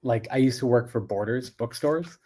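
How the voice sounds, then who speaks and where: A man with a mellow, easygoing manner, chatting casually as a guest and telling stories. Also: mid-range voice, normal speed, breathy edge. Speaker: guest, card magician. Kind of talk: casual chat.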